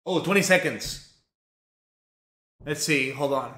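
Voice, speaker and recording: Bright-voiced young man streaming from a roomy kitchen. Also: fairly high pitch, takes it slowly. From Mexico. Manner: rambling, profane, full of fillers. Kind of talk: casual live-stream chat while cooking. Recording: roomy home echo.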